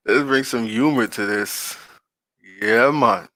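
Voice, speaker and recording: A man hosting his online channel, reading aloud from a screen-shared page and commenting in a slow, drawn-out way, often checking in with his viewers and talking to them in casual slang. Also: medium pitch, bright, forceful tone, no echo, low-quality recording.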